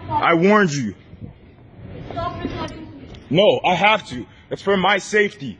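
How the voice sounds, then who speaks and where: A man filming on his phone inside a large store, loudly and insistently confronting staff who follow him. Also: high voice, expressive, takes it slowly, pauses often, dull audio, a little hiss or hum. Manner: loud, insistent, repeating demands. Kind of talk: heated filmed confrontation. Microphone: handheld phone recording.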